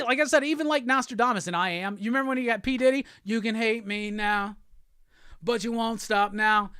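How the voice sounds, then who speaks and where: A middle-aged man hosting a casual live stream, excitedly rapping along to old songs and swearing as he chats. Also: very high-pitched, gravelly, no room sound, clean studio sound. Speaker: host.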